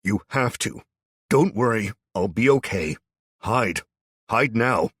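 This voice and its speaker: A man's voice: lowish voice, expressive, measured pace, fairly bright tone, slightly rough, no echo, studio quality, pitched above the performer's own voice, heavily acted. A man voicing a desperate middle-aged father, urging others to hide in urgent, commanding pleas.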